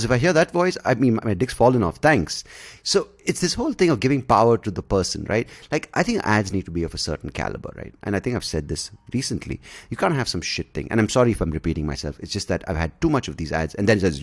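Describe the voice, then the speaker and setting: A man's voice: fairly low pitch, animated, a little fast. Profane, rambling man. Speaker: podcast host. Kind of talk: ranting podcast monologue.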